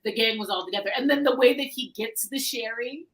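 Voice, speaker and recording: A woman co-hosting a casual book discussion, animated and acting out characters' lines. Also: a little high, brisk, poor audio. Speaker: book club co-host.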